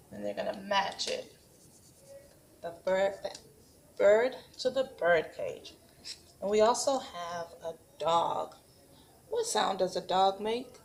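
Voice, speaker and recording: A woman's voice: medium pitch, creaky, slight background noise. Patient woman teaching a toddler craft. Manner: patient, slow and encouraging, models sing-song animal sounds for toddlers. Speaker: preschool teacher. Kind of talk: craft demonstration and parenting tips. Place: home.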